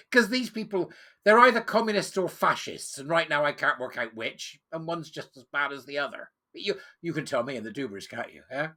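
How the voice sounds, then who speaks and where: A man's voice: fairly high pitch, lively intonation, moderate pace, pushed and bright. A British man reading out a policy report and breaking off into sarcastic, scornful commentary. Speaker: political commentator. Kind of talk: reading news and ranting commentary.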